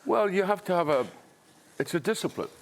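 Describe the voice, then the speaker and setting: A man's voice: high-pitched, expressive, fairly quick, slight background noise. An older man from Scotland with a Dundee accent, a panel guest talking in a blunt, wry, anecdotal way. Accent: Scottish, Dundee. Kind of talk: panel discussion.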